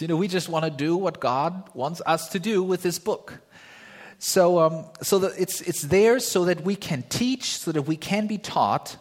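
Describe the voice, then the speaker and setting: Pastor, male, slightly high voice, animated and humorous sermon delivery with audience banter. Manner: lively, joking, conversational preaching with rhetorical questions.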